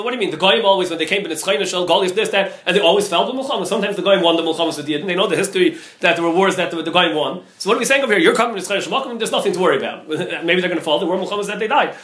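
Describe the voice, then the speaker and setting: A man, a rabbi, teaching a Talmud lesson, talking fast and repeating himself, with many Hebrew and Yiddish terms mixed in. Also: high-pitched, a bit bright. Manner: rapid, repetitive, heavy with Hebrew and Yiddish terms. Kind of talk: Talmud class lecture.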